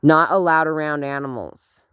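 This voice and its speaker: A middle-aged woman ranting in a casual outdoor vlog, animated and indignant, rambling with many fillers, recorded on a handheld phone. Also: low voice, moderate pace, clear, resonant tone, no echo, studio quality. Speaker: vlogger. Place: outdoors in cold morning air.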